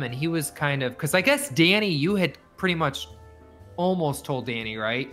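Guy spilling a family story, bright voice, does everyone's voices, swears a lot. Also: on the high side, normal speed, faint music behind. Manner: animated, acts out quoted voices, swears freely. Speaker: podcast guest. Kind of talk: casual storytelling chat.

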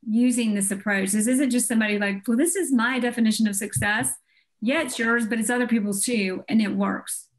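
A woman's voice: a little high, steady tone, a little fast, a little hiss or hum. A woman hosting a podcast interview, emphatic and blunt as she sums up her guest's points. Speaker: podcast host.

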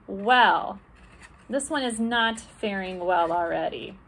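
A woman librarian leading a children's storytime, talking gently and asking the kids questions. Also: mid-range voice, slow, a little hiss or hum.

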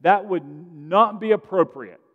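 A man preaching a sermon in a conversational style, growing loud on points of emphasis, in a large church sanctuary. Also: high voice, unhurried, narrow, tinny audio. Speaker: pastor. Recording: long sanctuary reverb.

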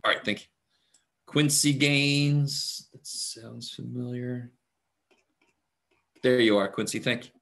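Relaxed chatty man teaching online. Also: mid-range voice, slow pace, vocal fry, pauses often. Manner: relaxed, chatty, many fillers. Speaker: math instructor. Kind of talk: casual online class talk. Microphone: computer mic on video call.

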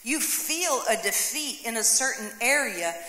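A woman's voice: fairly high pitch, expressive, a little slow, pushed and bright. A woman pastor preaching a sermon, voicing prayers and quotes dramatically. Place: church sanctuary. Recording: echoey hall with long reverb.

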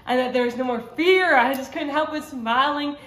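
A woman's voice: sits high, normal speed, a bit bright. A woman sharing a personal faith testimony in casual, earnest talk, rambling with many fillers and restarts. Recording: roomy echo.

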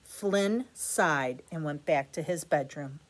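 A woman reading a bedtime picture book aloud to children, adding gentle, chatty asides. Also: low-pitched, takes it slowly. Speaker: storyteller, teacher.

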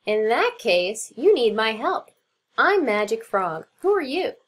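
A woman voicing a gravelly, wise female magic frog in a storybook read-aloud, talking slowly and calmly. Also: a little high. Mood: kindly.

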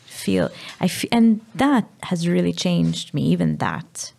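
A Maltese woman in her thirties, speaking candidly as a podcast guest, halting and sometimes dropping to a whisper. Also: on the low side, huge pitch swings, creaky, a little mellow. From Malta. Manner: halting, drops to a whisper at times. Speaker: guest, mother.

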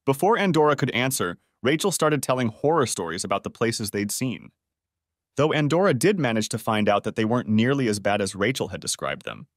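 Lively man narrating a story. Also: mid-range voice, a little fast, no room sound, studio quality. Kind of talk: first-person story narration.

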